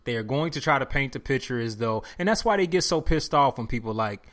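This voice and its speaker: A man's voice: medium pitch, animated, fairly quick, fairly bright tone. A man hosting his own podcast, talking alone in casual slang and preaching to his listeners, repeating his points for emphasis. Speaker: podcast host. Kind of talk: solo podcast monologue.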